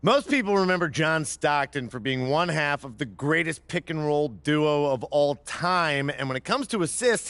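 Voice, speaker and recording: A man's voice: fairly high pitch, fairly bright tone, no echo. A man narrating a scripted basketball ranking, talking players up with emphatic, hype-filled delivery. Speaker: basketball commentator.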